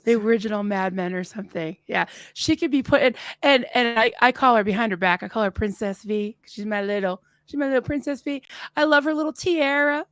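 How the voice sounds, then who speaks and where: A woman's voice: on the high side, a little fast, fairly bright tone, dry recording. A woman hosting a casual live chat, effusive and chatty, laughing often. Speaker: host. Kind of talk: casual conversation.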